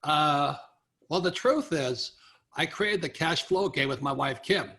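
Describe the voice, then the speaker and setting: Bright-voiced older man telling stories. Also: a little high, measured pace. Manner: animated anecdotes with quoted voices and laughs. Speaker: guest author. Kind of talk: storytelling interview.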